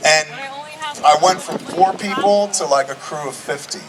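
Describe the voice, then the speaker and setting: A man's voice: on the high side, normal speed, crowd noise. A man in his forties telling rambling, profane anecdotes to a live screening audience. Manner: rambling, profane, animated storyteller. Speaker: filmmaker guest at a screening Q&A. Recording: distant mic with audience noise.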